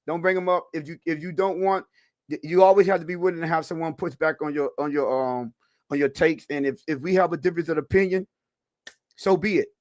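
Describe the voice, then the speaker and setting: A man's voice: on the high side, fairly even intonation, brisk, dry recording. A man co-hosting a live-streamed football talk show, chatting loosely with viewers and laughing often. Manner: loose, rambling, with restarts. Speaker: podcast co-host on a live stream. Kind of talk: casual live-stream chat.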